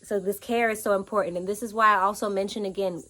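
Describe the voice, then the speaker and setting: A woman coaching on inner child healing, talking to camera outdoors in an earnest, animated way with lively quoted asides. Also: medium pitch, fast talker. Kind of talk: casual teaching monologue. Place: outdoors in nature with birds and bugs.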